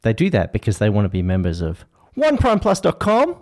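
An Australian man hosts a casual podcast, nudging his co-hosts along with playful questions. His voice sits low and relaxed. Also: fairly quick. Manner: steering the talk, playful prompts. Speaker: host.

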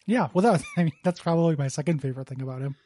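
A man's voice: on the high side, animated, warm tone, slight background noise. Playful male podcast host. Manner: playful, quick, laughing along. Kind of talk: improvised comedy banter.

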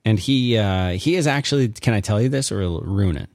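Podcast co-host, man, deadpan teasing banter, dry close sound. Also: fairly low pitch, fairly quick, gravelly, no echo. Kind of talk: casual chat.

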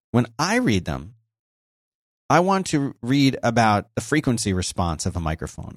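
A man talks through his podcast in a relaxed, explanatory way, often restarting his sentences. His voice sits on the low side. The sound is close and completely dry, with no room around it. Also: no echo. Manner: conversational, explanatory, frequent restarts. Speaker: podcast host. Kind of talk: casual solo podcast talk about microphones. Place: home office by a busy highway. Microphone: close dynamic microphone with noise gate.

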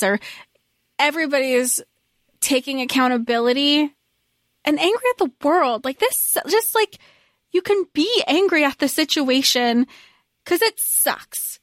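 A woman with a very high voice chats casually as a podcast co-host, retelling a story in a loose, rambling way full of "like". The sound is close and dry, with no room around it. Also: lively intonation, a little slow, pauses often, a bit bright, dry recording. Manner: rambling, recaps with lots of "like". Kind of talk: casual chat recapping a story.

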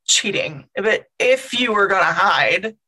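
A woman speaks very slowly as a player in a tabletop game. Her voice is bright and forceful, and her tone is hesitant and wry. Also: mid-range voice, lively intonation. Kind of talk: casual tabletop game play.

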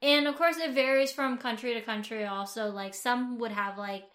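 A woman's voice: a little high, moderate pace, fairly bright tone. A woman from the United States co-hosting a casual chat, rambling a little, with many fillers and restarts. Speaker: podcast co-host.

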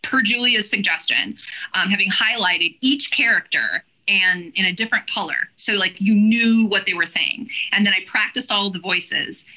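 Bright-voiced, chatty woman guest. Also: medium pitch, low-quality recording. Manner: animated, chatty, many "like"s and restarts. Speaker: author and teacher, interview guest. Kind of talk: casual podcast interview.

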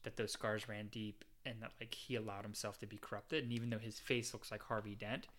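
Bright-voiced man chatting eagerly. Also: lowish voice, little pitch movement, brisk. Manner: enthusiastic, heavy use of "like". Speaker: podcast co-host. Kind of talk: casual chat.

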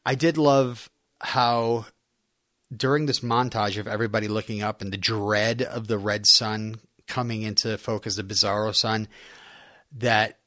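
A man's voice: on the low side, steady tone, a little slow, bright, forceful tone, no echo, studio quality. A man co-hosting a casual podcast, recapping plot points of a TV episode, laughing often and making self-deprecating jokes. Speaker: podcast co-host.

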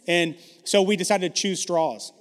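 A man delivers a storytelling sermon in a conversational, self-deprecating way, full of false starts. His voice sits a little high for a man. The sound carries the long reverb of a large church hall. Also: normal speed. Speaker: pastor.

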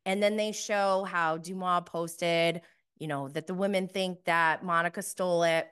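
A woman with a fairly low voice talks through a recap in a loose, casual commentary style. She is chatty and sarcastic, with frequent fillers. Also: steady tone, a little slow, fairly bright tone, clear, resonant tone. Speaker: podcast host recapping reality TV.

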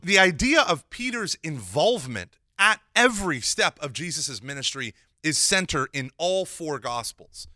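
A man giving a lively Catholic teaching talk, mixing casual slang with scripture and acting out the dialogue he retells. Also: fairly high pitch, measured pace, few pauses, no room sound, studio quality. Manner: animated, acts out quoted dialogue.

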